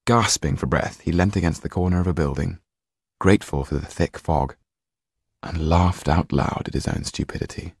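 A man's voice: deep voice, normal speed, breathy edge, dry recording, clean studio sound. A man narrating a storybook audiobook expressively, shifting into voices for the characters.

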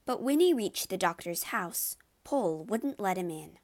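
A woman's voice: lowish voice, lively intonation, moderate pace, hardly any pauses. Woman reading a classic storybook. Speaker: narrator. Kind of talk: scripted storybook narration.

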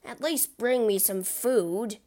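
A woman's voice: a little high, a little slow. A woman voicing a greedy, frightened captive man who pleads in a raised voice. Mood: desperate.

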